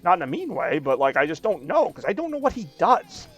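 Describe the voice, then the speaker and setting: A man's voice: high-pitched, sing-song, fairly quick, faint music behind. A man in his thirties streaming a game and chatting casually, rambling with lots of fillers. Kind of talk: casual chat while gaming.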